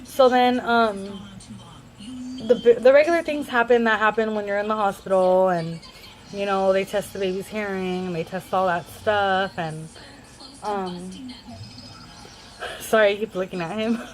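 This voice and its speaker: A woman's voice: medium pitch, fairly even intonation, a little slow, pauses often, slight background noise, rough recording. A young adult woman vlogger rambling through a casual storytime in a chatty way.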